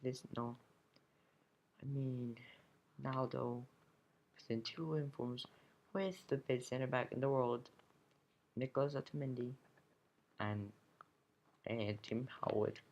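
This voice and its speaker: A man's voice: mid-range voice, fairly even intonation, slow, long pauses, a little mellow, highs cut off. A teenage boy commenting casually on his game, grumbling and swearing, sometimes dropping to a whisper, recorded at home. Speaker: gamer opening card packs.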